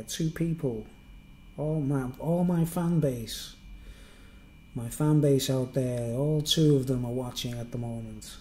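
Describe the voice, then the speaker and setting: A middle-aged man with a softened Merseyside accent chats to his stream in a loose, rambling way, poking fun at himself between fillers. His voice is warm and dark-toned, at an ordinary pitch. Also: a little hiss or hum, poor audio. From Merseyside, England. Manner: rambling, self-mocking, chatty with many fillers. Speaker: live streamer. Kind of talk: casual live-stream monologue.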